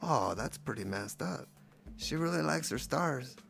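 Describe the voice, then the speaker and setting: Playful gravelly man narrating his paintings. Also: mid-range voice, animated, measured pace, a bit bright. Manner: playful, rambling, jokey. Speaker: painter showing his work. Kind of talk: casual commentary.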